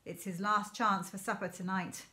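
A woman voicing a cheerful father in a storybook reading, speaking in a gentle, wry manner. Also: medium pitch, steady tone, moderate pace, natural voice. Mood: happy. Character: cheerful father, calm and playful man.

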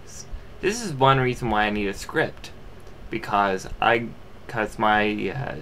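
Bright-voiced young man rambling a review. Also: on the low side, unhurried, a little hiss or hum. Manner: rambling, full of fillers and restarts. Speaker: amateur movie reviewer. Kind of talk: casual movie review.

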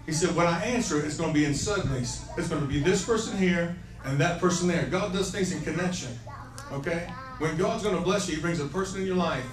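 A man's voice: on the high side, fast, a crowd in the background. A male evangelist preaching prophetically to individuals, emphatic and playful, often repeating "listen" and laughing between points. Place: church conference hall. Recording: echoey hall, mic from far off.

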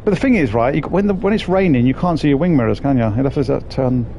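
Here a gaming streamer plays a bus simulator, cracking jokes and cursing with his chat as he goes. He talks fast in a mellow, medium-pitched voice that's expressive. A faint hiss or hum can be heard.

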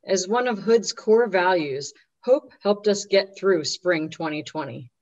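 A woman addresses graduates in a formal ceremony speech, earnest and measured. Her voice sits a little low. The audio sounds dull and muffled. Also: lively intonation.

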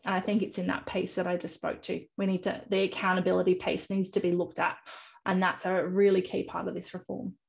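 Female panelist, flat and creaky delivery, hesitant, lo-fi call sound. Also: fairly low pitch, brisk. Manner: hesitant, many fillers. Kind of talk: panel discussion answers.

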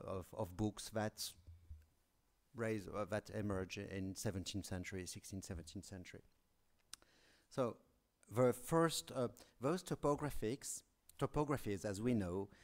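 A man's voice: mid-range voice, a little mellow. A man with a French accent giving a conference talk, hesitant and apologetic, often restarting sentences. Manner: hesitant, many restarts and fillers; apologetic, self-deprecating humor. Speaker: academic speaker.

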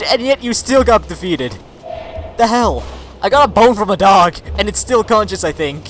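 High, excitable swearing gamer man. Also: moderate pace, faint music behind. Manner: excitable, swears a lot, yells at his companion. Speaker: gaming video creator. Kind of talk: let's play commentary.

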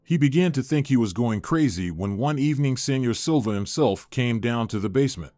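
A man reading a scripted dramatic story aloud as narrator, in an expressive storyteller voice. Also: medium pitch, brisk, no echo, studio quality, soft background music.

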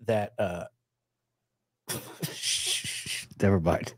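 A man's voice: low voice, extremely slow, dry recording, clean studio sound. A man co-hosting a podcast, joking and trailing off mid-thought. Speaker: podcast co-host. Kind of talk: casual chat.

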